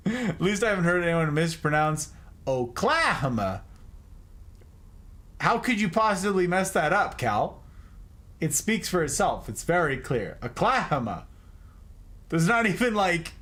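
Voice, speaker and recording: A man's voice: on the high side, a bit bright. A man streaming a game at his desk, joking with chat, teasing over mispronunciations and laughing often. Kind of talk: casual livestream chat with viewers.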